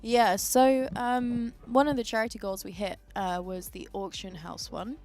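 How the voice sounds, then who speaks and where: A woman's voice: on the high side, steady tone, measured pace, darkish tone, soft background music. A woman presenting on a livestream, casually and upbeat, explaining a charity goal with some fillers. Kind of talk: casual chat.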